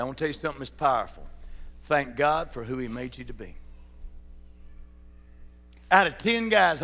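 A pastor preaching a sermon in a folksy way, calling out to the congregation. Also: male voice, medium pitch, a bit bright. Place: large church sanctuary. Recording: church hall reverb.

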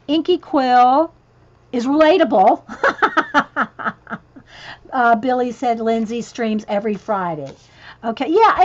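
A woman's voice: sits high, highs cut off. A woman talking casually on a home craft livestream, rambling and chatty, her voice getting worn. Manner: chatty, rambling, breaks off to talk to her cat. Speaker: craft vlogger reading a list of channels. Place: home craft room with a ring light.

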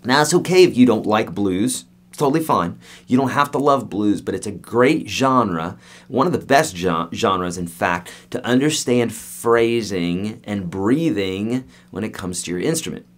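A lower-voiced man talking through a guitar lesson in a loose, chatty way. He jokes as he goes and throws in lively asides. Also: unhurried. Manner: chatty, joking, animated with asides. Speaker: guitar teacher. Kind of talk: casual video lesson.

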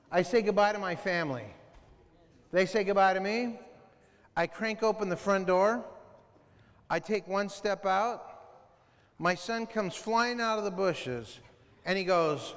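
A man speaking to a school assembly, telling animated stories, acting out scenes and yelling as he mimics himself and his son. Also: high-pitched, in a large hall. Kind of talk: animated motivational storytelling. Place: school auditorium.

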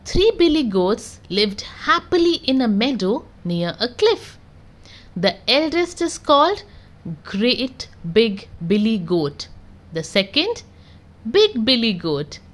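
A woman reading a picture book aloud to children in a gentle, expressive sing-song manner. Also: fairly high pitch, takes it slowly. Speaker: children's storyteller.

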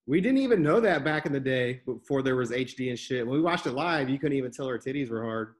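A man's voice: mid-range voice, expressive, fast. Laid-back crude-talking man in his thirties. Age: 30s. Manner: laid-back, laughs often, drawling fillers. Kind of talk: casual crude chat.

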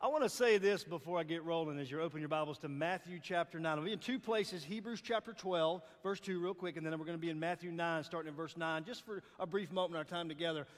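A man in his forties with a Southern US accent, giving a playful, lively chapel sermon as guest speaker, joking and calling out to the crowd. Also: fairly high pitch, quick pace, few pauses. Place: large hall. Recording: long hall reverb.

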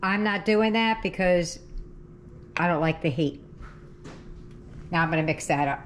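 A woman's voice: lowish voice, a little slow. Chatty woman cooking at home. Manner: chatty, self-correcting, talks while cooking. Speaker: cooking channel host. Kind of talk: casual cooking demo. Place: home kitchen. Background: frying and sizzling.

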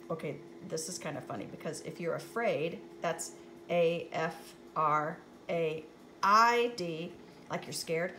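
A woman's voice: low voice, slow, pushed and bright, slight background noise. A woman reading a picture book aloud to children, playful and chatty, laughing at the jokes as she goes.

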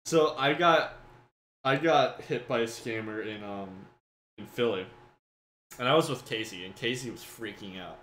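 Speaking at a normal speed with a medium-pitched voice, a male podcast host tells stories on a casual show. He laughs a lot and performs the quoted voices with animation, all in an echoey room with slight hiss.

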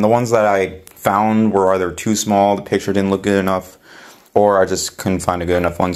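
A man chatting casually in a monthly vlog, rambling with lots of fillers and restarts. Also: low-pitched. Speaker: vlogger.

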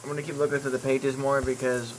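A man's voice: medium pitch, flat delivery, quick pace, noisy background. A man vlogging casually as he browses online, reading product listings aloud with jokey, rambling asides and the odd curse word. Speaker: YouTube vlogger. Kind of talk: casual vlog commentary while browsing online.

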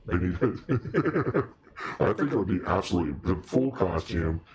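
A man's voice: deep voice, sing-song, a little slow. A man in a casual live-stream chat with viewers, playful and mock-preachy, laughing often. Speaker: costumed demon-character livestreamer.

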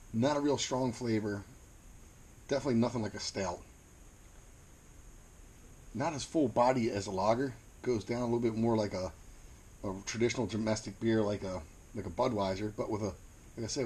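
Plain-spoken American man, low voice. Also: darkish tone, slight background noise. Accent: Mid-Atlantic American. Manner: plain-spoken, unhurried, repeats words while searching for them. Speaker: beer reviewer. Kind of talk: casual video review.

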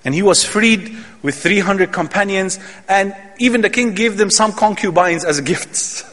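A man's voice: high voice, normal speed, fairly bright tone. A man giving an Islamic lecture, telling a story dramatically with emphatic quoted dialogue. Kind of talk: sermon storytelling. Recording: long hall reverb.

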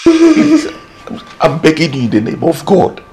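A man's voice: fairly high pitch, a little fast, a little mellow, a little hiss or hum, natural voice. An actor playing a poor, pious husband who pleads desperately and emotionally with his wife and mother-in-law, in a Christian film drama. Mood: pleading. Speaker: struggling husband.

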